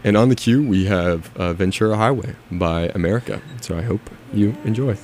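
A man's voice: fairly low pitch, normal speed, darkish tone, slight background noise. A man hosting a college radio show at a studio microphone, talking casually with many hesitant ums and a self-deprecating manner.

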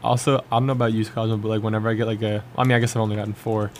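A man's voice: lowish voice, flat delivery, rapid-fire, darkish tone, a little hiss or hum. A young man co-hosting a college radio show, chatting casually and rambling with lots of filler words. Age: young adult. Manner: rambling, many filler likes, trailing off. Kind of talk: casual chat.

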